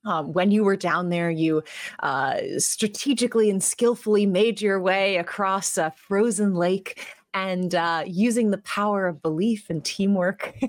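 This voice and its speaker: A woman who is the game master, telling a tabletop story in a relaxed, chatty way and laughing often. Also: mid-range voice, measured pace, no echo.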